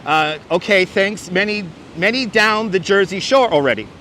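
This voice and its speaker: Speaking high and bright, quick and sharp, a livestream host chats casually on a windy beach, reading viewer comments. His wireless clip-on mic picks up faint wind and surf. He's wry and jokey, tossing in mock-announcer asides.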